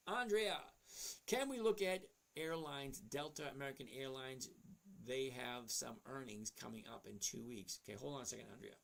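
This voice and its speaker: A man in his sixties hosts a casual livestream, reading viewer questions aloud. He answers bluntly and chattily in a plain, middle-pitched voice. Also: normal speed, creaky, a bit bright. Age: 60s. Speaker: host.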